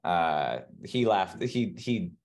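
A man's voice: low-pitched, big pitch swings, darkish tone. A man, an actor guest on a podcast, chatting casually with many restarts and small laughs. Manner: halting, lots of restarts and laughs. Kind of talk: casual interview chat.

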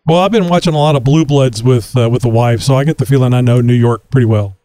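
A man's voice: medium pitch, fast, mellow, no echo. A man from Texas hosting a casual podcast interview, chatty with frequent laughs and fillers. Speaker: podcast host.

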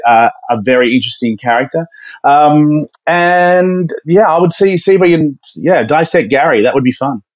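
A man co-hosting a podcast, speaking in a relaxed, friendly and somewhat hesitant way. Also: medium pitch, no echo. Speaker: podcast co-host.

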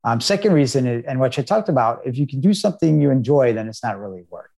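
A man's voice: mid-range voice, lively intonation, quick pace, gravelly, dark tone. A middle-aged American man, a startup founder, giving earnest storytelling answers in an interview. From United States.

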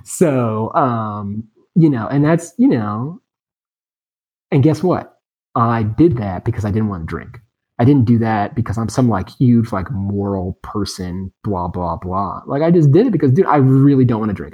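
A man in his thirties, a podcast guest in recovery, telling a story in a casual, animated and emphatic way. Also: on the low side, moderate pace, slightly rough.

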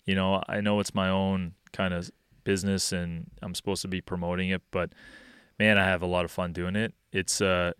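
Low, smooth-voiced young man chatting casually. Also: moderate pace, dry recording, studio quality. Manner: relaxed and rambling, many fillers like "you know" and "um". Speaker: hockey skills coach and podcast guest. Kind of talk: casual interview chat.

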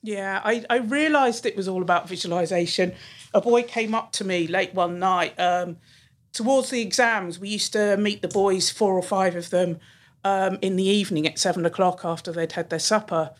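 A woman, a teacher telling lively classroom stories as a podcast guest. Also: medium pitch, moderate pace. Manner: animated storyteller who acts out the people she quotes. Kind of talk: storytelling in a podcast interview.

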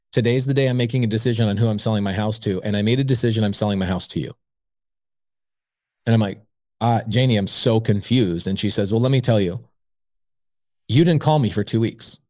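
A man with a medium-pitched voice, recorded dry and at studio quality, is a guest on an interview podcast. The real estate investor recounts a long personal story, lively acting out everyone involved in the conversation.

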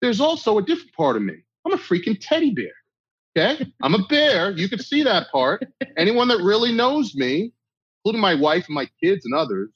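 A middle-aged man speaks bluntly in a tough-love manner, his husky voice swinging widely in pitch. The recording is dry and somewhat dull, like lo-fi audio. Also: big pitch swings, a little fast, dry recording. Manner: blunt, emphatic tough-love delivery, acts out quoted exchanges. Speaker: guest speaker. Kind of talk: conversational interview talk.

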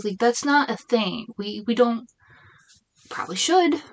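A woman's voice: fairly high pitch, expressive, unhurried, long pauses. A woman in her thirties, a small business owner, chatting casually, rambling with frequent restarts and venting her exasperation. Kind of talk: casual chat.

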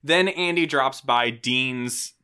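A man's voice: medium pitch, slow pace, smooth. A man co-hosting a podcast, casually recapping a movie plot and acting out characters' lines. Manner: animated, acts out characters' lines while recapping. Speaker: podcast co-host.

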